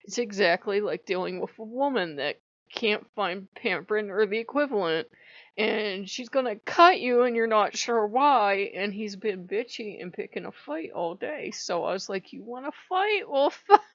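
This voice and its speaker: A woman's voice: medium pitch, moderate pace, dry recording, highs cut off. A woman vlogger telling a casual ranting story, swearing freely and often laughing. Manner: profane, laughing, animated.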